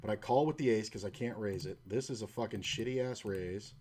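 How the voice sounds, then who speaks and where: Low-voiced man ranting about poker. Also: fairly quick, darkish tone, a little hiss or hum. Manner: profane, frustrated ranting; long anecdote with acted-out quotes. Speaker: online poker streamer. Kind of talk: casual commentary over online poker play.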